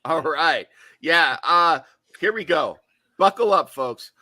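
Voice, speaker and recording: Bright-voiced animated male podcast co-host. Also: a little high, takes it slowly, dry recording. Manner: animated, digressive, playful asides. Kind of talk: casual horror podcast chat.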